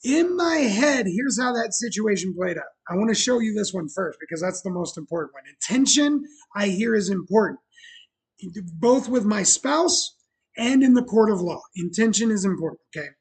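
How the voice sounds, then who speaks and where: A man's voice: high voice, animated, normal speed, husky. A man hosting a casual show about opening his bar, chatty and self-mocking, laughing often. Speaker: bar owner and show host. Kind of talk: casual chat.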